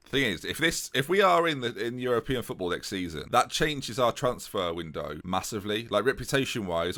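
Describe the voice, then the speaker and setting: A young man giving casual, animated, self-mocking commentary while playing a football management game. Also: fairly low pitch. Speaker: gaming YouTuber.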